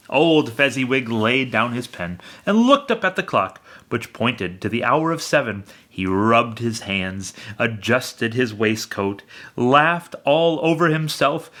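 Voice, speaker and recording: Bright, lively male storyteller. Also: medium pitch. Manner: expressive storytelling. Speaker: audiobook reader. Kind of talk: reading a classic novel aloud.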